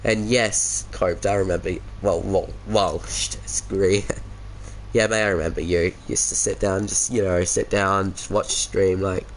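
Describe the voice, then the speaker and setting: A man's voice: low-pitched, steady tone, a little slow, a little hiss or hum. An Australian man chatting casually with viewers on a game stream through a headset mic, laid-back and chuckly, calling everyone mate.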